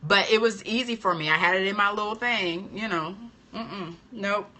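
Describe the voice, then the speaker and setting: A woman hosting a casual live-stream chat as an esthetician trainer. She is chatty and animated, answers viewer comments, and laughs often. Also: mid-range voice, normal speed. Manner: playful and expressive, laughs often.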